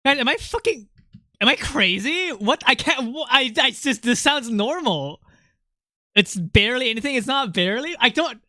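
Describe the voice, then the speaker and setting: A streamer talking through a voice changer in casual livestream chat while gaming, excitable and rambling, laughing often and reacting to chat. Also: high voice, moderate pace, no room sound, studio quality.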